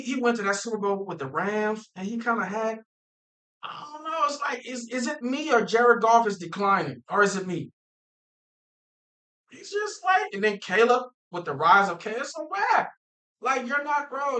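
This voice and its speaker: A man's voice: sits high, bright, forceful tone, low-quality recording. A man vlogging as a football fan, ranting casually and animatedly, repeating himself and talking straight to his viewers. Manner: emphatic, restarts phrases often. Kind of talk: casual sports rant.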